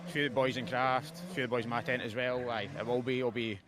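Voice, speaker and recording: Fast-talking Scottish kart racer. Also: male voice, mid-range voice, steady tone. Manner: quick, matter-of-fact, modest. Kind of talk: trackside interview. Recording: outdoor track with clear noise.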